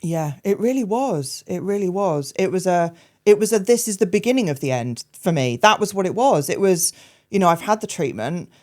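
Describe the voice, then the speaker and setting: A woman, a podcast guest telling her personal story frankly, hesitant and full of fillers, with dark humour. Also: fairly low pitch, lively intonation, moderate pace, hardly any pauses.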